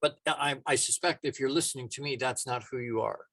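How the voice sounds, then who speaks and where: A man's voice: mid-range voice, fairly quick, fairly bright tone, dry recording. Plainspoken male life coach, dry sound. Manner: casual, repetitive, emphatic with many restarts. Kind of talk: motivational talk.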